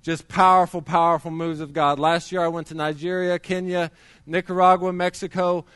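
A man's voice: on the high side, little pitch movement, normal speed, a bit bright, smooth, no echo, studio quality. A middle-aged man preaching a sermon, telling his testimony in a conversational way with many restarts.

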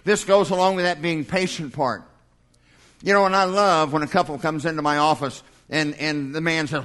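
An older man preaching a sermon with a folksy, humorous touch. His voice sits fairly high for a man, and he slips into small acted-out exchanges. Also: normal speed, fairly bright tone. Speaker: pastor.

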